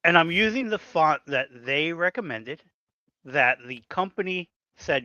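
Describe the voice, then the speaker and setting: A man with a bright, forceful voice talks through his lettering work in a casual chat, pitched a little above most men. The sound is dry and somewhat dull, like a lo-fi recording. He explains at length and acts out what editors ask of him. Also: big pitch swings, slow pace, no echo. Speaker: comic book letterer.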